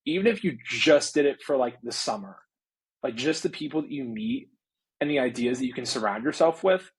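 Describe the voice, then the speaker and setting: A man in his late twenties, a recruiter talking as a guest in a casual interview, relaxed and filling his speech with "like". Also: on the high side, a little fast, vocal fry, husky, poor audio. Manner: relaxed, heavy use of "like".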